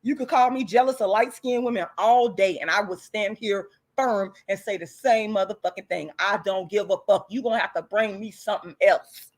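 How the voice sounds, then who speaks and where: A woman's voice: mid-range voice, normal speed, hardly any pauses. A woman hosting her own channel, delivering a heated, profane rant straight to her viewers. She speaks bluntly and defiantly, with angry emphasis and repeated insults. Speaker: channel host.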